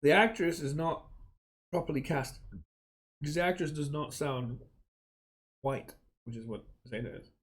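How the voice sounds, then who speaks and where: A man's voice: on the high side, normal speed, long pauses. A man streaming a game and giving a rambling, opinionated rant with many restarts, swearing casually. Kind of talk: casual live-stream commentary.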